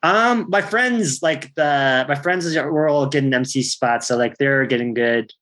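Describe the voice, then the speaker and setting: A man's voice: mid-range voice, measured pace, a bit bright. Rambling, laid-back male comedian. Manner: rambling, laid-back, swears freely, laughs often. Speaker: stand-up comedian, guest. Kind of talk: casual chat.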